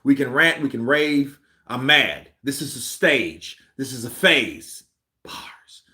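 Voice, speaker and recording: A man hosting a boxing commentary livestream, ranting excitedly and repeating himself as he thinks aloud. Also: medium pitch, slow pace.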